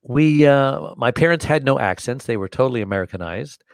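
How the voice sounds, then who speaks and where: An older American man telling a long story in a casual, animated way, jumping into different voices to act out the people in it. His voice sits at an everyday middle pitch. The recording is close and completely dry. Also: brisk, no room sound. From United States. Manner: animated, acts out dialogue in voices. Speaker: guest.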